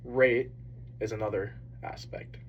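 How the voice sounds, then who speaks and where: A man's voice: on the low side, steady tone, measured pace, dull audio, slight background noise. A young man giving a class presentation, speaking earnestly with some fillers and restarts. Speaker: business student presenting.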